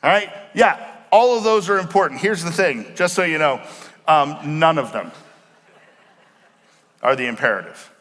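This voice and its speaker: A man preaching a sermon as pastor, explaining words slowly and asking the congregation questions. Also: fairly high pitch, expressive, fairly bright tone. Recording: long hall reverb.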